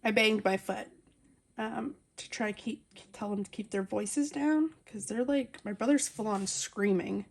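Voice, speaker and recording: This woman has a mid-range voice and speaks a little slowly. Phone in hand at home, with family close by, she chats and rambles casually as she colors, leaning heavily on fillers.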